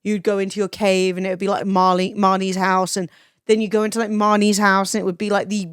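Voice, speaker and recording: A woman's voice: medium pitch, flat delivery, quick pace, smooth, no echo. Chatty young woman streamer, dry close sound. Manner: chatty, swears freely, reads chat aloud. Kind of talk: casual gameplay stream chat.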